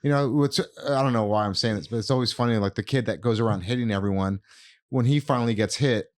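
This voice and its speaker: Relaxed American man chatting about teaching. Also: medium pitch, fast talker. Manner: relaxed, talks in loose restarts and fillers. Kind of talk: casual podcast chat.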